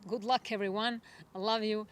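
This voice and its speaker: A woman astrologer giving a spiritual forecast monologue, gentle and reflective, unhurried and earnest. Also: medium pitch, steady tone, a little hiss or hum. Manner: gentle, reflective, soft laughs.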